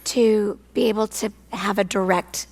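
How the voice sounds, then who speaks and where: A hoarse woman, a church staff member, speaking earnestly and from the heart at a church forum. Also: medium pitch, steady tone, moderate pace, a little mellow.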